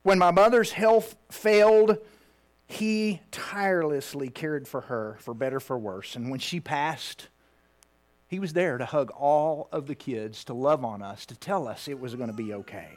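Preacher, male, 50s, slightly higher voice, heartfelt storytelling that sinks to a hush. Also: unhurried. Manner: heartfelt, drops to a hushed near-whisper at tender moments. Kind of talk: personal story in a sermon.

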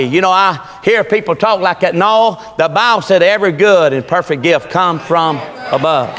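A preacher man with a high, bright, ringing voice. He tells folksy stories in plain dialect and builds to shouts. His voice carries through a reverberant church hall. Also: moderate pace. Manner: folksy storytelling with Southern dialect, rising to shouts. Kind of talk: sermon.

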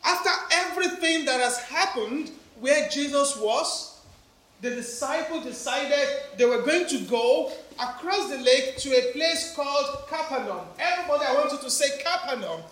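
A man's voice: very high voice, expressive, moderate pace, a bit bright. A man with an African accent preaching a family sermon in church, engaging the children and congregation with questions. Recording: very echoey church, faint background noise.

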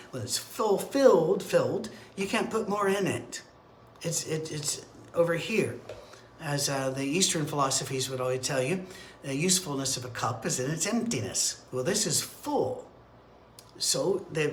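A man's voice: fairly high pitch, a little hiss or hum. A man leading a midweek Bible study, teaching in a conversational, digressive way with fillers and restarts. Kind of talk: informal teaching sermon. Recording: roomy echo, faint ambience.

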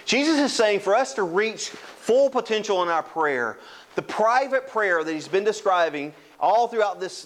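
A man's voice: on the high side, fairly bright tone, rough recording. A man preaching a sermon as a pastor, earnest and emphatic.

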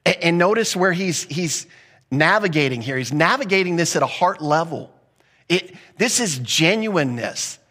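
A man preaching a sermon in an easy, conversational way. His voice sits somewhat high, and he lifts it further as he presses a point, with brief acted asides along the way. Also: lively intonation, normal speed, sharp tone. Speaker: pastor.

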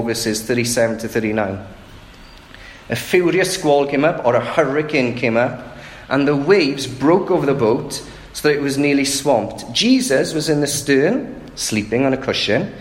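A man preaching a sermon in a conversational way, often asking the listeners rhetorical questions. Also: medium pitch. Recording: echoey room with faint background noise.

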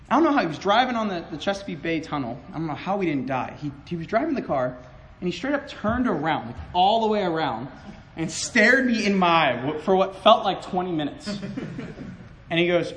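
Impassioned high-voiced man preaching. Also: very animated, fairly quick, slight background noise, low-quality recording. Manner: impassioned, stammering restarts, swings from loud to hushed. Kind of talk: sermon testimony.

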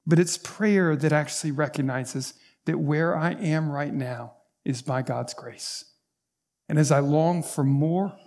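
Male pastor, slightly high voice, earnest sermon delivery that builds to emphatic points. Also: a little mellow. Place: church.

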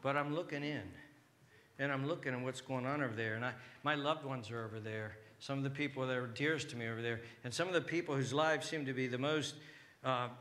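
Impassioned preacher man, bright voice. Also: fairly high pitch. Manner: impassioned preaching, swinging from hushed whispers to shouted pleas. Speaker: pastor. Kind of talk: sermon.

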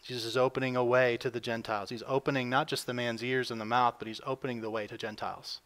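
A man's voice: mid-range voice, level tone, fast, a bit bright. Conversational male pastor preaching. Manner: conversational, acts out quotes with rising energy. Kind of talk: sermon.

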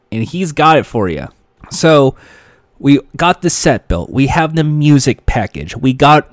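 A man narrating a story in a comedic way, animated and jokey, with self-correcting asides. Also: mid-range voice, no echo, clean studio sound.

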